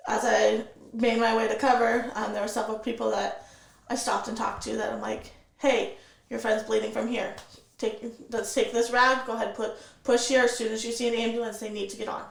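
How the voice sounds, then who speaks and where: Speaking a little fast, a woman with a slightly high, gravelly-fry voice relates what it was like being a guest on an interview show. She keeps it steady and vivid, slipping in quoted lines of dialogue, while a roomy echo surrounds the recording.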